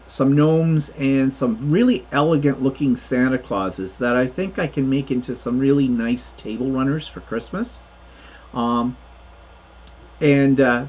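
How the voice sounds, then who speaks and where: A man's voice: medium pitch, breathy edge. A man co-hosting a casual crafting livestream, rambling through explanations of his 3D printing projects with plenty of fillers.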